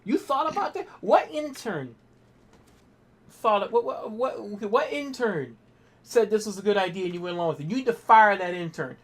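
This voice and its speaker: A woman's voice: medium pitch, lively intonation, moderate pace, slight background noise. A woman streaming a game, ranting in irritation and swearing heavily. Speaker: gaming streamer. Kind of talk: live game commentary. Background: game music.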